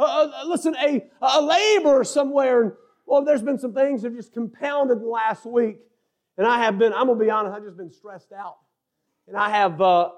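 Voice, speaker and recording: A middle-aged man preaches a sermon in an unusually high voice. He rises to fervent shouts, then drops to hushed, confessional talk. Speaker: assistant pastor preaching.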